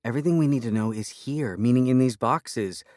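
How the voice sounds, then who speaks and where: A man's voice: medium pitch, a little fast, darkish tone, dry recording, studio quality, lightly acted. A man voicing an earnest, intuitive young woman psychic who speaks eagerly in an audiobook. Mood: excited.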